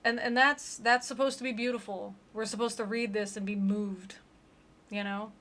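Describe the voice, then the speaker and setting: A woman's voice: medium pitch, fairly even intonation, moderate pace, a bit bright. A woman giving sarcastic, incredulous comedic commentary on a gospel tract.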